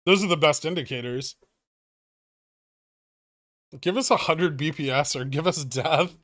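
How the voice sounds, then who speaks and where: A man's voice: on the high side, measured pace, a bit bright, no echo, clean studio sound. A man hosting a casual livestream, reading viewer messages aloud and answering them with irreverent jokes and the odd swear word. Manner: jokey, irreverent, swears freely. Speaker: livestream host.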